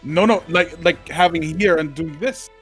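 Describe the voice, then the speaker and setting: A man playing a tabletop game, excitable and laughing, often restarting his sentences. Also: on the high side, normal speed, faint music behind. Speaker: player.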